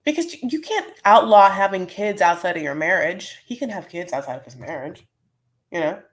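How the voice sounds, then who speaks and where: A woman with a lowish voice and lively intonation hosts a casual live recap, rambling loosely from one thought to another. Her speech is packed with "like" and "you know," and she keeps veering off into quick asides.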